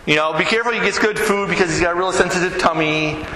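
A high-voiced man preaches in a bright, forceful tone that carries through a big echoing hall. He keeps it conversational and keeps checking in with the listeners, with faint room noise around him. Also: fast talker. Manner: conversational, asks the listeners questions. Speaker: pastor. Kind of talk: sermon.

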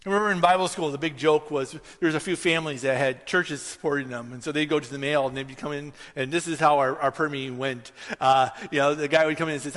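A man preaching a sermon, telling stories and mimicking the voices in them with lively energy. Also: fairly high pitch, quick pace, hardly any pauses. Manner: animated storytelling, mimics voices in anecdotes. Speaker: pastor. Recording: long reverb of a hall.

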